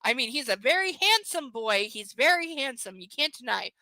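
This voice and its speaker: A woman's voice: sits high, very animated, normal speed, pushed and bright, dry recording, low-quality recording. A woman chatting casually on a live stream, rambling and playful, sometimes slipping into baby talk with her pets. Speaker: streamer reading aloud.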